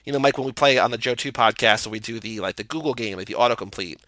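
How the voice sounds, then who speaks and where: A man hosting a podcast in casual chat, talking in an animated way with quick restarts and easy laughs. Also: mid-range voice, no room sound, rough recording. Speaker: podcast host.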